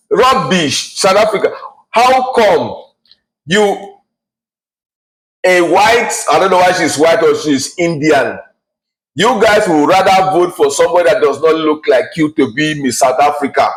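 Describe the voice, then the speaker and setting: A man in his forties rants bluntly to camera. He sounds heated and scornful, and he often restarts and fills pauses with uh. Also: medium pitch, poor audio. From Nigeria. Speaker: vlogger. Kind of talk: ranting to camera.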